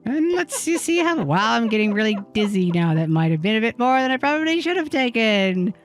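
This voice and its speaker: A man on a game stream talking in a squeaky chipmunk voice, hamming it up with giggly rambling. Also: very animated, normal speed, faint music behind. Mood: theatrical. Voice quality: squeaky, high and gravelly.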